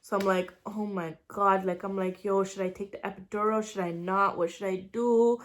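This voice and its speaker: Young woman, vlogger, casual storytelling, slang and cursing, animated retelling, middle pitch. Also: normal speed.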